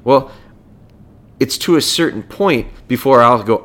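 A man's voice: medium pitch, measured pace, fairly bright tone. A man hosting a podcast as a dog trainer, explaining things in a casual, conversational way and breaking points down step by step.

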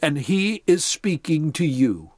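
A man voicing Jesus as a calm male teacher speaking in measured pronouncements, recorded dry. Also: fairly high pitch, dry recording, exaggerated voice.

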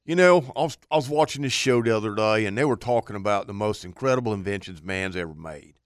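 A man voicing amazed rednecks in a joke, with a drawling Southern redneck accent and high, incredulous voices. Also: quick pace, dry recording, studio quality, close to an everyday voice. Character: three rednecks from a joke, factory lunchroom workers.

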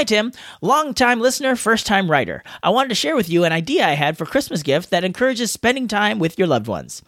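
Jokey podcast guy reading mail, high voice, bounces all over the place. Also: fairly bright tone, dry recording, clean studio sound. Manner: playful, jokey. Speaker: podcast host. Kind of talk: casual podcast chat reading listener mail.

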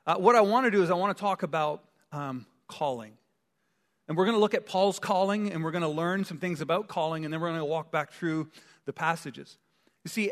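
Brief: male pastor, slightly high voice, preaching conversationally with humorous asides in a reverberant church. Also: fairly bright tone. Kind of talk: sermon. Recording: long church hall reverb.

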